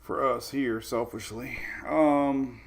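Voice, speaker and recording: A man's voice: medium pitch, fairly even intonation, slow pace, a little hiss or hum. A man hosting a casual weather livestream, chatting in a laid-back way, chuckling often and answering viewer comments. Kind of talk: casual live-stream chat.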